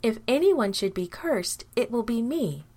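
A woman's voice: on the high side, sing-song, unhurried, a little mellow, voice pushed up, full character voice. A woman voicing a determined mother who gives firm orders. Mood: insistent. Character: firm, determined mother scheming for her son.

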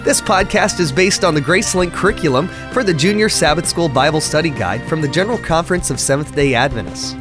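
A man hosting a children's Bible lesson podcast, reading a story aloud in a clear, friendly storytelling voice. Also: on the high side. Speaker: podcast lesson host and narrator. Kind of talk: scripted narration.

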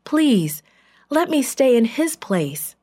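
A woman's voice: sits high, big pitch swings, slow pace, warm tone, voice pushed up, heavily acted. A woman voicing Judah, a desperate grown man begging urgently for his brother.

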